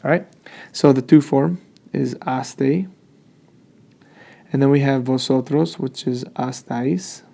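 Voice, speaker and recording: A man's voice: mid-range voice, steady tone, takes it slowly, gravelly, pauses often, dark tone. A man teaching a Spanish grammar lesson, explaining step by step and checking in often.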